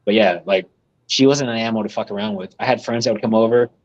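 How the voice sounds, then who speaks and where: Low-voiced man telling rambling stories. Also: fast talker, dull audio. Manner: rambling, swears freely, laughs at his own stories. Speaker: guest, reptile breeder. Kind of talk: casual storytelling on a live podcast.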